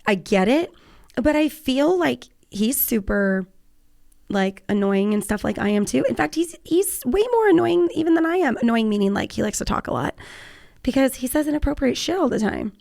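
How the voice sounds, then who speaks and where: A chatty Californian woman in her forties hosts a podcast, talking freely with lots of laughter and casual swearing. Her voice sits a little high and carries a gravelly fry. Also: expressive, normal speed, a little mellow. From Southern California. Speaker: podcast host. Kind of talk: casual chat.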